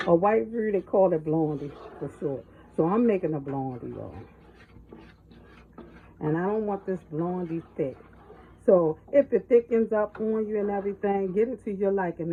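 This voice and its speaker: Chatty woman cooking, calling viewers y'all. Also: mid-range voice. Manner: chatty, folksy, calls viewers y'all and baby. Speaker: home cook hosting a cooking video. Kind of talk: casual cooking tutorial. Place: home kitchen. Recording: dull lo-fi home video sound with faint noise.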